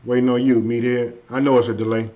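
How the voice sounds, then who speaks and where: A man hosting a casual live stream, chatting loosely with viewers and saying his energy is low tonight. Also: flat delivery, fast, mellow. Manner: loose and conversational, frequent "hey" and "you know what I mean". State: a bit under the weather, low energy. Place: at home. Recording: dull lo-fi stream audio.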